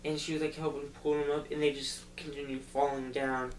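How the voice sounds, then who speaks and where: A man casually retelling a movie plot for a review, rambling loosely and filling pauses with "like" and "um". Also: mid-range voice, completely flat delivery. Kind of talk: casual spoken movie recap. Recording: roomy echo, distant mic, faint hum.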